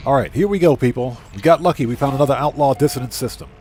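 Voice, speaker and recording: A man streaming a video game live, chatting casually, reading viewers' messages aloud and thanking them, with his voice going hoarse. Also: medium pitch, quick pace, a little mellow, faint music behind. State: losing his voice. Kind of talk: casual live gameplay chat.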